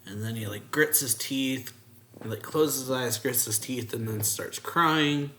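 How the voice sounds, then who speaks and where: A man's voice: mid-range voice, measured pace, sharp tone. A man hosting his own channel, casually reviewing a manga chapter, retelling scenes with lots of loose fillers. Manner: recaps scenes by paraphrasing character dialogue with loose fillers.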